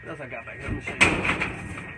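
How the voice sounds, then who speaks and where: A man's voice: brisk, very noisy, close to an everyday voice. A man playing a profane, rambling, boastful older backwoods man in a live comedic question-and-answer. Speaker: comedic character.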